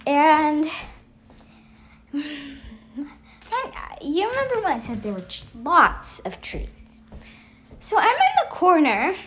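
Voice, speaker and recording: Chatty high-voiced young woman telling a story. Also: slow, long pauses. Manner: rambling, animated, laughs often, lots of fillers. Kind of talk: casual storytime vlog.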